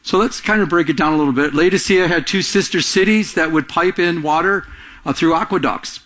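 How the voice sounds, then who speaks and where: A man preaching a sermon, animated, acting out quotes in a raised voice and often restarting his phrases. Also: on the high side, fairly quick. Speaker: pastor.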